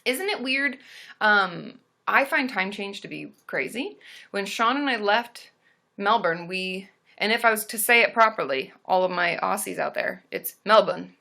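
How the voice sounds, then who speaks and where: Chatty woman host, bright forward tone, bubbly, fillers throughout, casual live-stream chat. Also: mid-range voice, lively intonation, measured pace, creaky. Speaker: therapist hosting a live stream.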